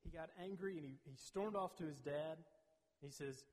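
Male Bible teacher, bit higher pitch, keeps checking "okay?", reverberant hall sound. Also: moderate pace, pauses often. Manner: peppers talk with "okay?" checks. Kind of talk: teaching a Bible lesson to a group. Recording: long reverb.

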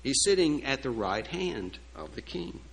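A man's voice: medium pitch, sing-song, measured pace, gravelly, a bit bright, low-quality recording. Folksy storytelling male preacher. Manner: storytelling, folksy asides and rhetorical questions. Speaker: pastor. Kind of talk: sermon.

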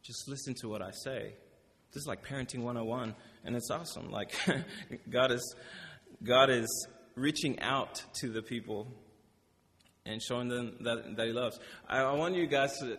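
A man's voice: mid-range voice, fairly bright tone, a little hiss or hum. A young man giving an informal sermon, reading scripture and then telling stories in a casual, rambling way that often corrects itself. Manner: casual, rambling, self-correcting, laughs between points. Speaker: preacher. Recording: long reverb of a hall.

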